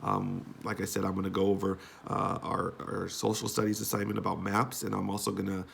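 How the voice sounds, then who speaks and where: A man's voice: sits low, flat delivery, a little fast, gravelly, fairly bright tone. A man teaching, recording patient instructions for his students at home, with frequent ums and restarts. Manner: patient, repeats himself, many ums and restarts.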